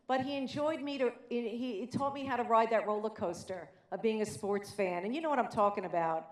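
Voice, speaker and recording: A woman's voice: mid-range voice, echoey room. A middle-aged woman from New York with a light New York accent, giving a chatty, self-deprecating acceptance speech with many fillers at a banquet. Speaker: award inductee giving a speech. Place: banquet hall.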